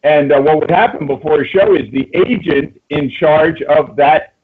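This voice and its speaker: A man hosts a podcast in a casual, halting way, circling back over his own words. His voice sits a little high. It comes through a thin, phone-like line. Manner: halting, many restarts and fillers. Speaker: podcast host. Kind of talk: casual chat.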